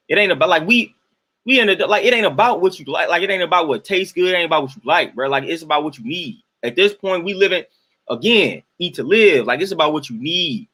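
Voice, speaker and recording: A man's voice: a little high, lively intonation, fast talker, fairly bright tone. A young man hosting a live-stream rant, answering his chat and sounding exasperated and emphatic, often repeating himself for effect. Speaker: host ranting to live chat.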